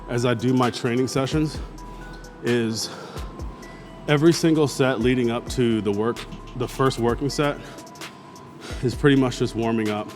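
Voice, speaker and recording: A man talking casually to the camera between heavy squat sets at the gym. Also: mid-range voice. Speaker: fitness vlogger. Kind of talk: casual gym vlog talk.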